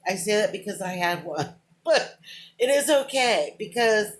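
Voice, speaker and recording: A middle-aged woman vlogs into a camera close to her face, her medium-pitched voice lively in intonation and a little slow. She drifts from thought to thought with "but anyway," calls herself rambling, and speaks emotionally and openly about crying in this casual monologue.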